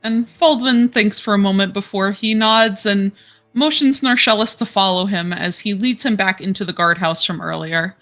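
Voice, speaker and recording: A woman narrating a tabletop game as game master, describing scenes in a relaxed way with many fillers. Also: medium pitch, moderate pace, faint music behind.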